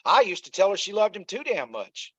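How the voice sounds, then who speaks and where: His voice rides high in a brisk, sing-song, slightly bright delivery, captured dry and dull with a somewhat lo-fi quality and no room sound. The interview guest shares an emotional personal story earnestly, repeats himself, and addresses listeners as "y'all."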